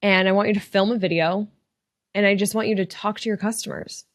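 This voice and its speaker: A woman's voice: mid-range voice, fairly even intonation, a little fast, no room sound. Woman, podcast host, earnest, encouraging, heartfelt, dry close sound. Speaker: podcast host and retail coach. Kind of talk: casual motivational podcast talk.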